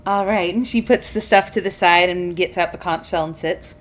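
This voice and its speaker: A woman's voice: on the low side, moderate pace, few pauses. A woman narrating a tabletop game as game master, voicing the characters in a playful way. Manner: playful, plays non-player characters.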